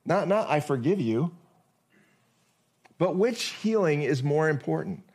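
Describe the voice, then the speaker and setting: A man preaching a sermon as pastor, conversational and full of rhetorical questions, reading scripture slowly and deliberately. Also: on the high side, lively intonation, darkish tone, husky.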